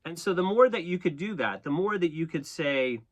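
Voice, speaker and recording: Animated man giving a chatty tarot reading. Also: fairly high pitch, moderate pace. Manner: conversational, animated, frequent "okay?" and "right?" check-ins; laughs often at himself. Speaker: tarot reader and astrologer. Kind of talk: casual spoken tarot reading.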